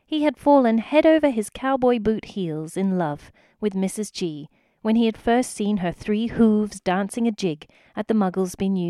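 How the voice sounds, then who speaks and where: A woman reads a children's story aloud, bringing life to every sentence with her storytelling. Her voice sits in a middle pitch and is recorded dry and close to the mic. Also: no echo. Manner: expressive, lively storytelling. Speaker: narrator. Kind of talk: storybook reading.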